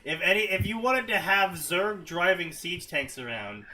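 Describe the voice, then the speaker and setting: Casting note: bright, slightly high male voice, sardonic fanfic commentator, faint hiss behind. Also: lively intonation, moderate pace. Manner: sardonic, laughs a lot, swears. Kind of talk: casual commentary.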